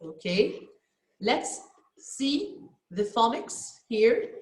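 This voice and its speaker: A woman's voice: fairly high pitch, sing-song, drawn-out words, darkish tone. A woman with an Egyptian Arabic accent teaching a children's English lesson online, patient, repeating each word for her students. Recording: echoey room.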